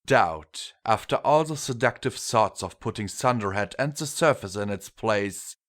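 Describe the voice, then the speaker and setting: A man narrating a fan fiction audiobook in a measured storytelling manner. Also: fairly low pitch, animated, a bit bright. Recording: long reverb with faint music.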